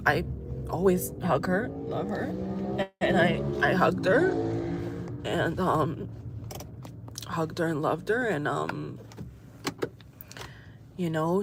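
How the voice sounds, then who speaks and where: A woman's voice: fairly low pitch, vocal fry. A woman vlogger talking tearfully into her phone camera from her car, rambling and repeating herself as she cries. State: crying. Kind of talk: tearful personal vlog while driving. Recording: loud car noise behind.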